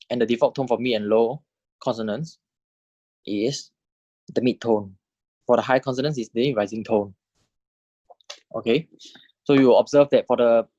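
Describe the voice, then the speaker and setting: A man's voice: mid-range voice, darkish tone, no echo, highs cut off. A man teaching a recorded language lecture, walking through a table step by step and often checking understanding with "right?".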